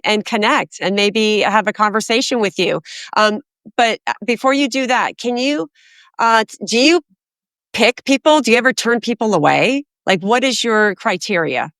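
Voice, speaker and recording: A woman's voice: fairly high pitch, a bit bright, dry recording, clean studio sound. A woman hosting a business podcast, asking upbeat, encouraging questions. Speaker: podcast host. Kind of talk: casual interview chat.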